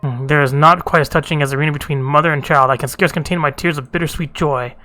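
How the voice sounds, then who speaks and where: A man's voice: on the high side, fairly even intonation, quick pace, sharp tone, no room sound, soft background music. A man voicing a fanatical lizard-man priest of a fire god, speaking in a grandiose, mocking way.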